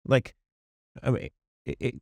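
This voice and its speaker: A man co-hosting a casual podcast chat, talking in an animated, exasperated way and putting on mocking voices when he quotes people. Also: unhurried, dry recording. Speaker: podcast co-host.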